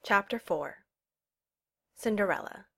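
A woman's voice: takes it slowly, vocal fry. A woman reading a storybook aloud, giving the characters' lines their own voices. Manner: reads narration evenly and voices the characters' lines with lively pitch jumps. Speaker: audiobook reader. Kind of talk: storybook narration.

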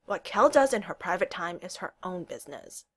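A woman's voice: fairly low pitch, very animated, moderate pace, fairly bright tone. A woman voicing a cautious, tactful and uneasy young man in a storybook reading. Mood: careful. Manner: careful, tactful.

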